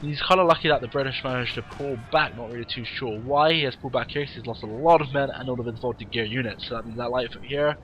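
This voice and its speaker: A man's voice: medium pitch, fast talker, hardly any pauses, fairly bright tone, muffled recording. A tired man who yawns now and then, giving casual, rambling, blunt commentary on a game replay and swearing freely. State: tired, yawning.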